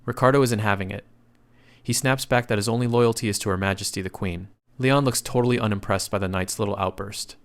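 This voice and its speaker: Low-voiced man narrating a story recap. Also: a little fast. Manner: casual slangy retelling.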